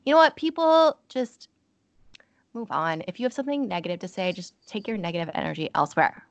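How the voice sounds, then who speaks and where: A woman's voice: mid-range voice, lively intonation, fairly quick, vocal fry, dry recording. A woman from Connecticut, a podcast guest, sounding a little nasal from allergies and chatting in a breezy, frank way. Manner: breezy, frank, a bit sarcastic. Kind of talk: casual podcast chat.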